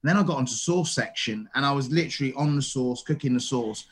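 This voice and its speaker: A middle-aged man, a chef, telling stories in a casual interview, animated and full of restarts. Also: mid-range voice, quick pace, breathy edge. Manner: animated, acts out quoted dialogue, frequent restarts. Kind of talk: casual storytelling.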